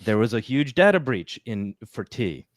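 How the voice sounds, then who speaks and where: A man's voice: medium pitch, big pitch swings, moderate pace, dry recording. Podcast co-host, male, casual and chatty, dry close sound. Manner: chatty, with fillers and asides.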